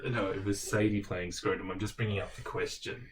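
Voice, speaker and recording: Low-ish guy, deadpan jokes, casual book chat, mic a bit far off. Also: fairly quick. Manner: dry, deadpan joking. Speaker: booktuber co-host. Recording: distant mic, faint background noise.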